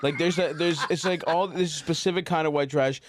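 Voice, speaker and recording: A man's voice: fairly high pitch, fairly even intonation, fairly quick, a little hiss or hum. A man from Baltimore talking as a comedian guest in a casual podcast chat, rambling, laughing often and trailing off mid-sentence. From Baltimore, USA.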